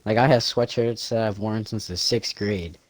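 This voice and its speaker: A man's voice: fairly low pitch, fairly even intonation, moderate pace, dry recording. A man co-hosting a podcast in casual chat, rambling freely, swearing often and laughing a lot. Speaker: podcast co-host.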